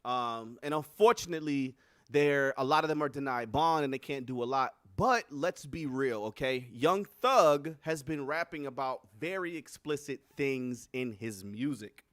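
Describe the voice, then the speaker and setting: A man hosting a livestream in casual, profane commentary, animated and often laughing. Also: mid-range voice, measured pace, dry recording, clean studio sound. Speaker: livestream host.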